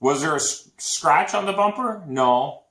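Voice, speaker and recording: A man co-hosting a casual chat show, telling a story with lively acted-out quotes. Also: a little high, unhurried. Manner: animated storytelling, acts out quotes. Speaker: podcast co-host. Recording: echoey room.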